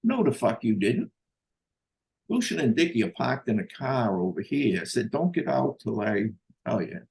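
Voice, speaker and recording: Older man, gravelly husky voice, blunt profane storytelling. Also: medium pitch, sing-song, normal speed, a little mellow. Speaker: host telling a personal story. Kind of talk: casual storytelling.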